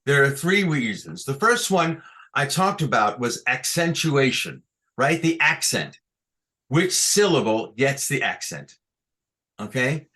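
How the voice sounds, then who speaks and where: A man's voice: medium pitch, very animated, takes it slowly, sharp tone. A man teaching a class on chanting scripture over a video call, explaining patiently step by step and often checking that his students follow. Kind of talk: online lesson on chanting scripture. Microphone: computer mic on a video call.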